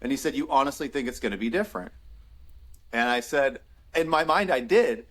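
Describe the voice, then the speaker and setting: Man, 30s, podcast guest, lively casual storytelling, laughs a lot, voices other people in his stories. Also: medium pitch, a little fast. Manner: animated storyteller, acts out quoted dialogue, laughs often. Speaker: podcast guest, former football player.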